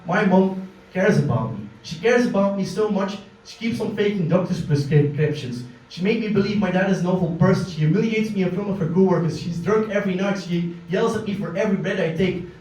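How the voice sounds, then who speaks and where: A young man performing a one-man stage monologue, intense and confessional, swinging from quiet to shouting, recorded on a phone from the audience in a small basement venue. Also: a little high. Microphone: phone filming from the audience. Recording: echoey, distant phone recording in a room.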